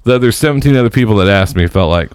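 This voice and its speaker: A man's voice: fairly low pitch, expressive, rapid-fire, clean tone, no room sound, clean studio sound. A man hosting a podcast, telling rambling travel stories in casual chat, swearing freely. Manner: rambling, profane, acts out other people's voices. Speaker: podcast host.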